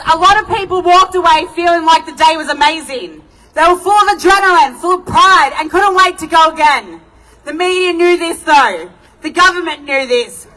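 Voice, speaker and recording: A woman, an organiser giving an animated, casual speech at an outdoor rally, shouting lines for emphasis. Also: very high voice, low-quality recording.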